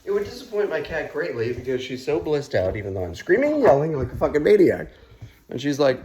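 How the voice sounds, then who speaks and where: Profane, rambling man with lively pitch. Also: fast talker, a little hiss or hum. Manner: profane, rambling, bursts into loud outcries. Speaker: cooking vlogger. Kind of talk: casual rambling cooking vlog.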